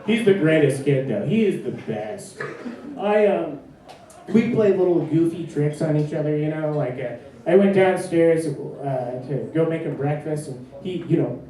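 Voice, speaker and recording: A young man doing a stand-up comedy set in a club, with a halting, deadpan delivery full of fillers. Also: fairly high pitch. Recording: distant mic in echoey club with crowd. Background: audience laughter.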